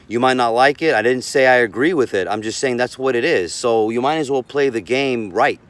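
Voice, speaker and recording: A man's voice: medium pitch, fairly quick. A man giving casual relationship advice as a coach, rambling and repeating words as he talks.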